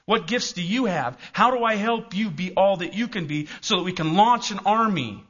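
A middle-aged man preaching a sermon in a church, telling stories and asking the congregation questions. His voice is bright and sits a little high. The recording is muffled and lo-fi. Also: expressive, moderate pace, hardly any pauses, breathy edge. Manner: storytelling, asks the congregation questions. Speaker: pastor. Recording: dull lo-fi recording.

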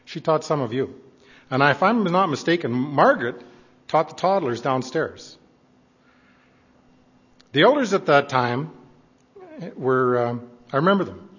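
A man's voice: on the high side, animated, a little slow, long pauses, fairly bright tone, breathy edge. An older man fondly recounting church memories to a congregation, in an earnest storytelling manner. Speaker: church member addressing congregation. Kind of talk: reminiscing speech to a congregation. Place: church hall. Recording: echoey hall, dull lo-fi sound.

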